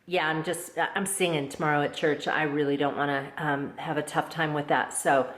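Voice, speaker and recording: A woman talks casually to her vlog audience in a lowish voice, rambling and restarting with plenty of fillers. The recording sounds roomy and echoey. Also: fairly even intonation, normal speed. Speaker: vlogger. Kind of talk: casual chat to camera.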